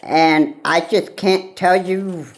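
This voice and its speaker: A woman vlogger in a rambling solo rant, halting and repetitive, with frequent pauses and fillers. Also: lowish voice, steady tone, low-quality recording.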